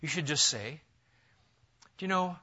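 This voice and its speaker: Male preacher, bright forceful tone, big dynamic swings from shouts to hushes, lo-fi church recording. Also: a little high, animated, a little slow. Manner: dramatic, swinging from loud emphatic bursts to hushed near-whispers. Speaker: pastor. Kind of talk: sermon.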